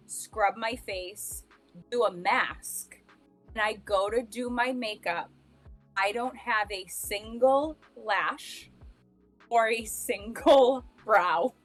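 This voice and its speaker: A woman co-hosting a podcast, telling her own stories in casual chat, rambling with restarts and laughing at herself. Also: mid-range voice. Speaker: podcast co-host.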